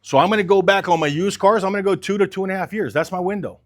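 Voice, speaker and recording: A man's voice: high-pitched, very fast. A man coaching car salespeople, talking with energy and urgency and acting out sales calls. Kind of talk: sales training talk.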